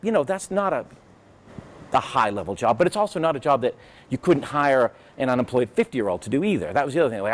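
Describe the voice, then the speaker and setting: Male guest speaker, sardonic and rambling, profane, very lively pitch. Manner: sarcastic, rambling, profane, peppered with "right?" and "you know". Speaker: guest speaker at a business event. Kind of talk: animated conversational storytelling.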